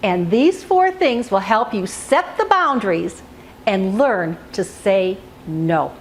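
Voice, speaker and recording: A woman hosting a self-help video, speaking gently and soothingly and coming back to the same key phrases again and again. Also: mid-range voice, expressive, takes it slowly, a little hiss or hum. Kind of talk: calm self-help teaching to camera.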